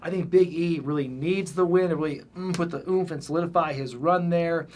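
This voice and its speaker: A man hosting a wrestling prediction show, chatty and enthusiastic, a little hoarse from losing his voice. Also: fairly high pitch, brisk, a little mellow, slight background noise. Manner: enthusiastic, chatty, many restarts. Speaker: podcast host. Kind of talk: casual wrestling prediction chat.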